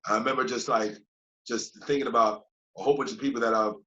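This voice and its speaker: A fast-talking man of medium pitch, this yoga teacher is a guest on a podcast recorded in dull lo-fi quality. His casual, reflective chat loops around with frequent "you know what I mean" and lively quoted renditions of what he used to think, in a loose, repetitive manner.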